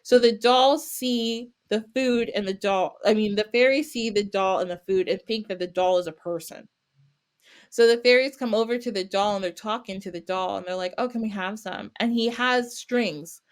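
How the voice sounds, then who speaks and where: In a clear, resonant voice of medium pitch and normal speed, a woman casually tells a folktale as a guest on a podcast. Animated, she performs the characters' lines with little voices and laughter.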